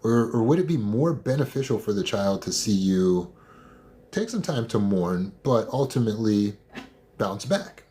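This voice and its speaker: A man speaks in a slightly low register, coaching listeners through trauma recovery. He is direct and emphatic, with a blunt, no-nonsense delivery in a motivational talk. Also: very animated, a little slow, dark tone.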